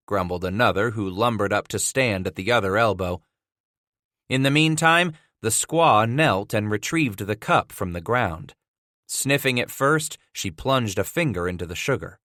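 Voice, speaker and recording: Steady male audiobook narrator, dry close read. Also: lowish voice, a little slow, no room sound. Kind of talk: scripted narration.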